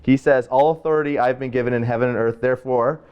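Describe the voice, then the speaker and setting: A man's voice: mid-range voice, fast, clear, resonant tone, highs cut off. Easygoing male host of a faith talk. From Canada. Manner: storytelling, relaxed and jokey. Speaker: host, pastor. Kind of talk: casual faith discussion.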